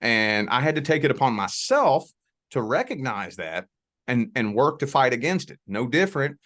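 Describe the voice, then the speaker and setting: A man with a mid-range voice speaks at a normal speed as a guest on an interview, where he is a spiritual reader. He comes from the Southern Indiana / Louisville, Kentucky area and has a Southern accent. He talks in a relaxed way, repeats words as he starts, and says "you know" often.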